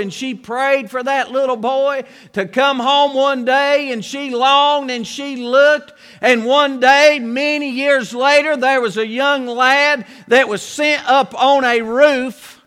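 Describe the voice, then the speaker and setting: Male preacher, folksy storyteller, bright forceful tone, reverberant hall. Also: very high voice, clear, resonant tone. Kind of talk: sermon.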